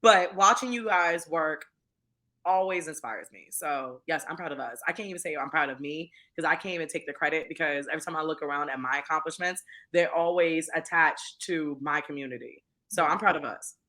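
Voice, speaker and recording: A woman's voice: sits low, brisk, sharp tone. A woman TV producer, a guest chatting casually and heartfelt with a friend in an interview. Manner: effusive, heartfelt, calls friend "girl".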